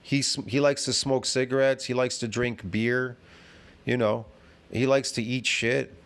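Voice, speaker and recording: Man in his fifties, reaction commentary, profane, rambling, argumentative, lecturing, keeps asking if you understand, middle-pitched voice. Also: fairly even intonation, unhurried, a bit bright. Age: 50s. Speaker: fitness commentator reacting to a video.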